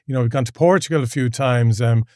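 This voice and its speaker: A man's voice: medium pitch, fast talker, no room sound, clean studio sound. A man hosting a podcast, steadily leading a casual chat. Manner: steady, leads the conversation. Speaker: podcast host.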